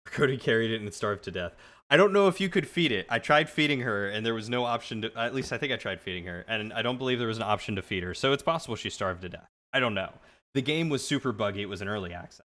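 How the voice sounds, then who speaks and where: A man streamer telling a long story casually to his live chat, animated and rambling with frequent restarts. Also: on the low side, fast talker.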